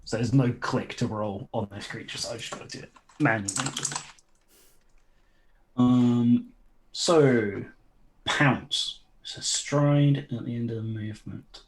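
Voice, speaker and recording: A man running an online tabletop game as game master, explaining rules in a relaxed way with chuckles and fillers. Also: mid-range voice, takes it slowly, slight background noise, low-quality recording.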